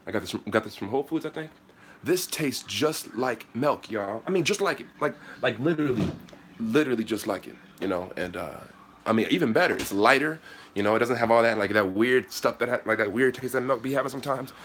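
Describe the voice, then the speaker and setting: This host's mid-range voice is animated, a bit bright, and a little fast as he runs a casual outdoor live Q&A on a hand-held phone. He chats in relaxed slang and responds to viewer comments, with slight background noise.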